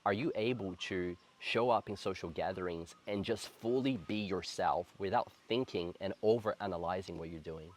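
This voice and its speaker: Low-voiced earnest man in his thirties. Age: 30s. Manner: earnest, reflective, slow and heartfelt. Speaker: spiritual coach. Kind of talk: personal spiritual storytelling to camera.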